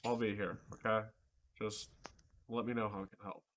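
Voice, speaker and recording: A man voicing a gruff but caring male mercenary leader who talks earnestly and reassuringly. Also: lowish voice, flat delivery, moderate pace, a bit bright, a little hiss or hum, pitched below the performer's own voice, close to an everyday voice.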